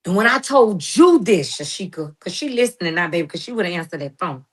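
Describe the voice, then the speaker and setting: A woman's voice: lowish voice, big pitch swings, a little fast. A middle-aged woman in a heated, emphatic monologue, confronting someone with slang and preachy turns. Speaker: guest responding to critics.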